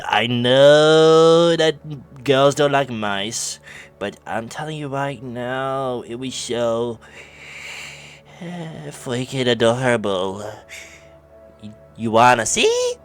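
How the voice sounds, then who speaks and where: Brief: a man putting on a slow, sing-song American accent as a clingy young texter, with faint music behind. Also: mid-range voice, very animated, a bit bright, voice pushed up. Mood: overeager. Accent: American, put on. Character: overeager young man texting a girl he likes. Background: background music.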